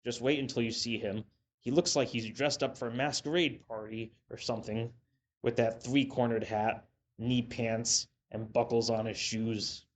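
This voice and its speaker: A man's voice: mid-range voice, fairly even intonation, moderate pace, a little hiss or hum, natural voice. A man voicing an impatient wife who complains and makes demands, in a storybook reading. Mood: hushed. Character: nagging impatient wife, adult woman.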